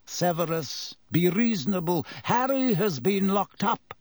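Blustering, pompous storybook official, voiced by a man; barks, pitched up. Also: expressive, measured pace, darkish tone, no room sound, studio quality. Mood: flustered. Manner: blustering and barking. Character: flustered, pompous male government minister.

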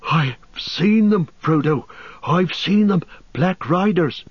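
Shaken young hobbit, voiced by a man, high, breathless, urgent. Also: very animated, measured pace, breathy edge, no room sound, heavily acted. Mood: alarmed. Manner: urgent, tumbling storytelling. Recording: slightly muffled recording.

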